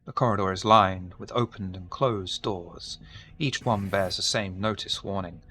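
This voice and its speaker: A man running a tabletop horror game, narrating scenes in a calm, measured way. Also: sits low. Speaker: game master.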